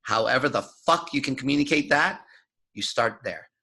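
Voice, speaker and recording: A man's voice: medium pitch, animated, normal speed, sharp tone, slightly rough. A man giving an unscripted lecture as a dating coach, talking in a swaggering, profane, emphatic way.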